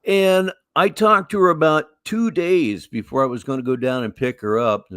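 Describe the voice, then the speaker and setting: A man's voice: on the high side, steady tone, moderate pace, a bit bright, smooth, dry recording, studio quality. A man in his sixties hosting a livestream, telling rambling stories in a wry, casual way. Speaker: livestream host. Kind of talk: casual storytelling and live commentary.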